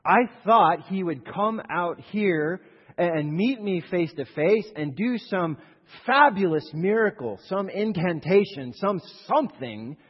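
A preacher acting out an outraged proud commander. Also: male voice, sits high, lively intonation, takes it slowly, breathy edge, in a large hall, lo-fi sound, voice pushed up, full character voice. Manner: outraged, incredulous ranting. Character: indignant proud male military commander.

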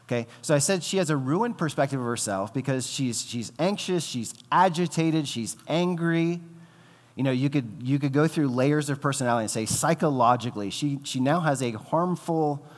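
A man's voice: mid-range voice, expressive, normal speed. Man preaching in a reverberant hall. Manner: conversational, filler-heavy, acts out quoted voices. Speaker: pastor. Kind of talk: sermon.

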